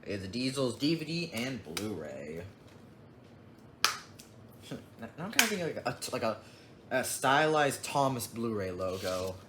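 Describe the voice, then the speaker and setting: A young man with a mid-range, very animated voice takes his time, leaving long pauses as he casually shows off his discs for an unboxing vlog. He rambles and mutters asides, recorded in an echoey room with noticeable background noise.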